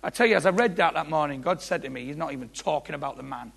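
A man's voice: fairly high pitch, animated, fast, vocal fry, breathy edge. A man preaching an impassioned sermon, repeating phrases and building to emphatic peaks. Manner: impassioned, repetitive, rising to shouts.

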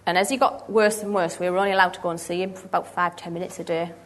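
A woman in her thirties giving a personal testimony at church, earnest and halting, with frequent restarts. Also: lowish voice, fairly even intonation.

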